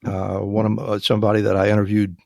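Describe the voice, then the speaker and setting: A man's voice: on the low side, monotone, fast, vocal fry, darkish tone. A man hosting a podcast interview, giving brief encouraging responses. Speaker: podcast host. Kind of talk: casual interview.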